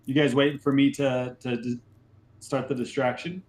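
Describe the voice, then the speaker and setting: A man's voice: mid-range voice, little pitch movement, normal speed, echoey room. A man playing a tabletop role-playing game in character, stammering and flustered, with lots of restarts. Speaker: player.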